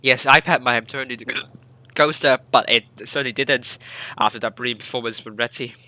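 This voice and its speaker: A man's voice: mid-range voice, a little fast, bright, forceful tone, no room sound. A man casting a competitive online tank game live, talking through the play with rambling restarts and self-corrections. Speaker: esports caster.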